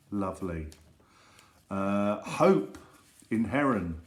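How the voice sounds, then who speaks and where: A man's voice: fairly low pitch, animated, slow, echoey room. Playful man leading a school assembly. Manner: gentle, playful, teasing. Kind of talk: storytelling and reading jokes to children.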